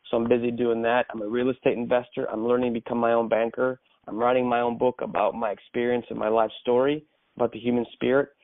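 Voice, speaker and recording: A man's voice: mid-range voice, level tone, fast, no room sound. Earnest man speaking over a phone line. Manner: earnest, with frequent ums and restarts. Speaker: guest on a coaching call. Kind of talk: personal introduction on a conference call.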